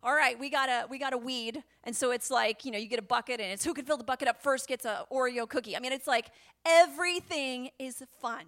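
A woman preaching a sermon, animated and chatty, often dropping to a whisper and laughing. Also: high-pitched.

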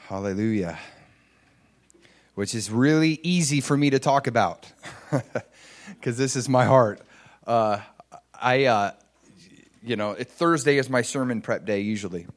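A man's voice: medium pitch, measured pace, long pauses. Male preacher, light Midwest accent, chatty and self-deprecating sermon delivery. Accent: slight Upper Midwest. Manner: conversational and self-deprecating, with laughs and restarts. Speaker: pastor.

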